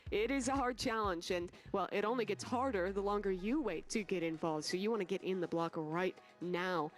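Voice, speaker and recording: A man's voice: high voice, fairly quick, soft background music. A man hosting a live game event stream, promoting the event and dryly teasing his co-host.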